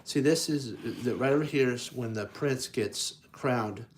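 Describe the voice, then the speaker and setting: A man reading children's picture books aloud and commenting on the pictures, halting often to correct himself and playing up the sound effects with enthusiasm. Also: mid-range voice, a little hiss or hum. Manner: halting, with frequent restarts and self-corrections. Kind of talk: casual read-aloud with commentary.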